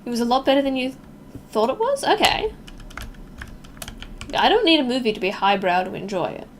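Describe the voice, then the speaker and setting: A woman's voice: on the high side, expressive, rapid-fire, slight background noise. A young woman from Melbourne with an Australian accent, chatting casually with viewers while streaming a game, reacting aloud and joking at her own expense.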